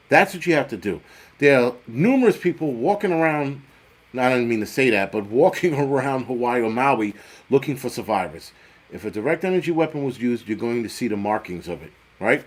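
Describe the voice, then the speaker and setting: A man's voice: mid-range voice, lively intonation. Profane, rambling man hosting a livestream. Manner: profane, rambling, jokey, quick swings in loudness. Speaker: livestream host. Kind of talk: casual livestream chat reading viewer comments.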